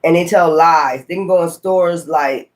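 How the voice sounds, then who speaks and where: A man's voice: a little high, a little slow. A man, giving a casual tarot reading, musing aloud with sudden exclamatory asides. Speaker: tarot reader.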